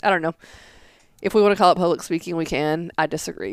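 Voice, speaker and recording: A woman's voice: fairly low pitch, fast talker, clear, resonant tone, no room sound, clean studio sound. A young woman co-hosting a casual podcast, rambling and arguing her point with many fillers. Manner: rambling, argumentative, filler-heavy. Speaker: podcast co-host.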